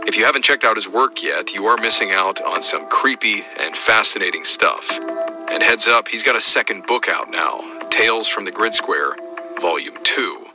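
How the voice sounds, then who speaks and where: A man calmly narrating soldiers' eerie accounts in a scripted storytelling style. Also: on the low side, moderate pace, music in the background, rough recording. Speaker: narrator of a military paranormal podcast.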